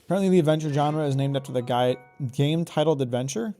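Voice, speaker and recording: Casual Midwestern guy streaming, slightly high. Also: fast talker, warm tone, faint music behind. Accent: Midwestern American. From Oregon, raised in Michigan. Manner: casual, rambling, swears freely. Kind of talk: live gameplay commentary chatting with viewers.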